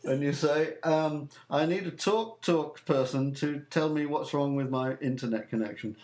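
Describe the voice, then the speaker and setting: A man's voice: on the high side, moderate pace, a little mellow. A man on a casual talk show, telling a story with swearing and laughter. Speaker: co-host. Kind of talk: casual chat.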